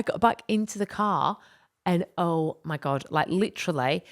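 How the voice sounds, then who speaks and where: Woman on a podcast, lowish voice, rambly and animated, lots of um and like. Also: measured pace. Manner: animated, rambling, frequent fillers. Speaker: podcast co-host. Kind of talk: casual storytelling chat.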